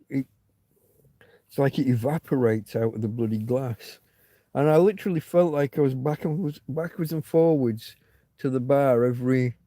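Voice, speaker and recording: A middle-aged man hosts a livestream in a fairly high, warm voice, captured in a dry, studio-quality recording. He's chatty and loose, rambling, often breaking off to restart, and swearing casually.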